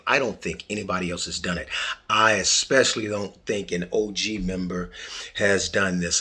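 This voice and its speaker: A man's voice: deep voice, fairly bright tone, slightly rough. A middle-aged man hosting a podcast, talking in a casual, playful way with jokey asides. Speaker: podcast host.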